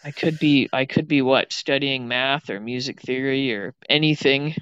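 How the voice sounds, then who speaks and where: A woman's voice: rumbling low, normal speed, a bit bright, clear, resonant tone, no room sound, dull audio. A woman co-hosting a podcast in casual chat, rambling and poking fun at herself. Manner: rambling, self-mocking. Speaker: podcast co-host.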